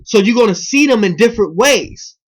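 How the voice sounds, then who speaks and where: A video blogger, expressive and fairly quick, delivers a profane, rambling spiritual monologue to his viewers. He alternates between emphatic, loud bursts and low muttering.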